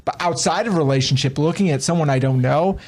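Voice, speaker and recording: A man with a fairly high voice co-hosts a casual chat. He speaks in a friendly, reflective way. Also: fast talker, a little mellow. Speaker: podcast co-host.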